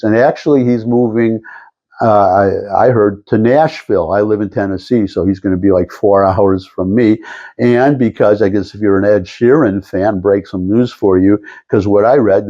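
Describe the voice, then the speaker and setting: A man's voice: on the low side, warm tone, lo-fi sound. An older man talking to camera in a rambling, meandering monologue with lots of restarts and asides. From Detroit area. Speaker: vlogger.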